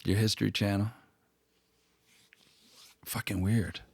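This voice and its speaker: A man's voice: fairly low pitch, fairly even intonation, takes it slowly, gravelly, slightly rough, dry recording. A man hosting a history channel, rambling through profane, mocking comedic commentary full of asides and restarts.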